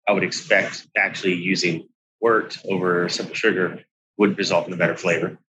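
A low-pitched man co-hosting a podcast, posing questions and thinking them through. His deep voice still carries a bright, forward tone. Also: level tone, a little fast, slight background noise, low-quality recording. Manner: questioning, thoughtful. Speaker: podcast co-host. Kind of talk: casual podcast chat.

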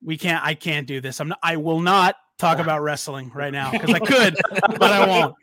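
A male podcast host in casual chat, excitedly promoting an event with lots of fillers. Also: a little high, moderate pace, no room sound, studio quality. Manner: excited, hyped promo talk.

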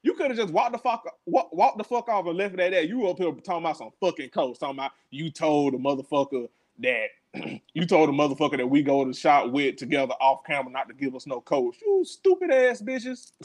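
A man with a high voice swings his pitch all over as he co-hosts a casual recap podcast. His rants are loud with profanity and broken up by laughter. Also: lively intonation, a little fast. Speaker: podcast co-host. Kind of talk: casual reality-TV recap chat.

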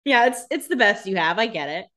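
A woman's voice: mid-range voice, expressive, fairly quick, pushed and bright. A woman co-hosting a casual podcast, making wry, sarcastic comments on a TV episode. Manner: wry, sarcastic asides with frequent laughs. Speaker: podcast co-host. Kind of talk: casual chat.

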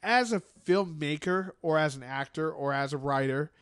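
A man's voice: on the high side, normal speed, fairly bright tone, clear, resonant tone, dry recording, studio quality. A man co-hosting a casual chat, rambling and opinionated, with frequent restarts and fillers. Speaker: podcast co-host.

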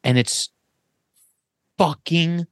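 A man's voice: fairly high pitch, very slow, dry recording. Blunt, ranting man on a podcast. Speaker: podcast co-host. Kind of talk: casual podcast chat.

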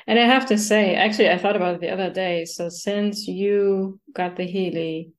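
A woman hosting a podcast interview, talking in an expressive, animated way with many restarts. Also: medium pitch, normal speed. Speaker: podcast host. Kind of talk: conversational interview.

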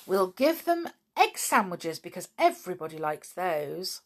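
Woman reading as a chirpy cheerful toy boy, bright and quick, storybook. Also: on the low side, very animated, full character voice.

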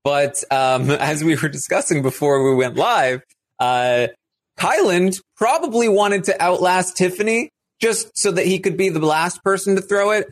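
A man's voice: high-pitched, expressive, unhurried. Chatty man laughing through a recap. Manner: laughs often, many fillers, explains strategy at length. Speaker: podcast co-host. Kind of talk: casual live-stream recap chat.

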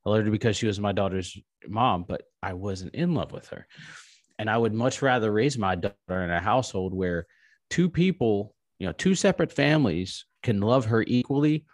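Deep-voiced man, halting and frank. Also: dry recording, studio quality. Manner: halting, restarts often, frank and swearing. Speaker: interview guest, army veteran. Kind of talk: candid podcast conversation.

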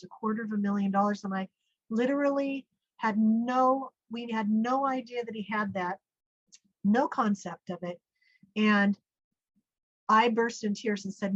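A middle-aged woman telling a personal story in a lively way, acting out the voices she quotes. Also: on the high side, no echo. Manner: animated, acts out quoted speech. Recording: dull, dry lo-fi sound.

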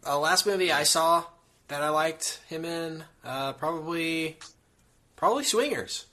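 A man's voice: on the high side, steady tone, a little slow, pushed and bright. A man hosting a casual movie chat podcast, laid-back and asking the others questions.

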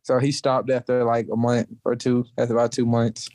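A man's voice: mid-range voice, flat delivery, brisk, a little mellow, no echo. A young man from South Georgia, a college wrestler talking in a laid-back, casual way as an interview guest. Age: young adult. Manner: laid-back, heavy use of "like".

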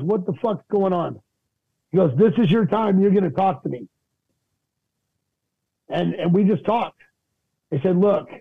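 Gravelly husky guy, higher pitched voice, tinny phone-like sound, stops and restarts a lot. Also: dry recording. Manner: halting, repeats words, earnest. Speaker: podcast guest, jewelry business owner. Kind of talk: emotional personal story.

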